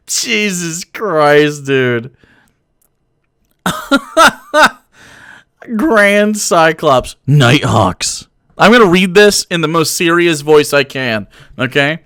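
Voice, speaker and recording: Sarcastic young streamer, clear voice. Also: male voice, a little high, huge pitch swings, extremely slow, pauses often, a bit bright, no room sound, studio quality. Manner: sarcastic, profane, mocking. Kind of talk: live-stream commentary.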